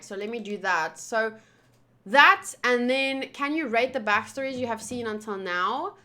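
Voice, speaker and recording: A woman's voice: a little high, bright, forceful tone. A woman streamer talking casually and rambling, swearing freely as she chats to viewers. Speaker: anime reaction streamer. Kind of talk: casual livestream chat.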